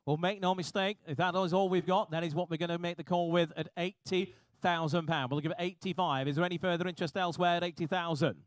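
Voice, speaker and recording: A man working as an auctioneer, calling bids briskly and repetitively with jokey asides to the room. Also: high voice, steady tone, no room sound. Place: auction hall.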